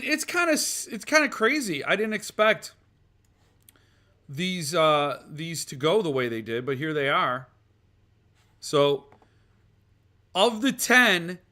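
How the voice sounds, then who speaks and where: A man with a slightly high, bright, forceful voice hosts a casual live stream. He rambles and reads viewer comments aloud, answering with jokey, self-deprecating asides. His talk wanders and restarts as he chats with the viewers. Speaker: podcast host.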